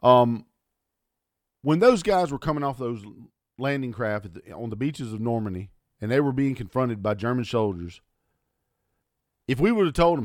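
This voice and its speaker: A man hosts his podcast in a heated, profane rant. His middling voice leaps into loud, high outbursts, then sinks to grumbling mutters. He's recorded close up on a dry mic with no room sound. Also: lively intonation, moderate pace, dry recording. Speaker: podcast host. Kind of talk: ranting podcast monologue. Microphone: audio only, close mic.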